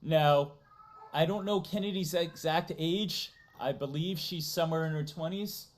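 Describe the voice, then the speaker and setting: A woman's voice: deep voice, unhurried. A woman from Massachusetts with a New England accent, hosting a live stream in casual, playful chat and reading out donations. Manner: chatty, playful, interrupts to read donations. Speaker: streamer host.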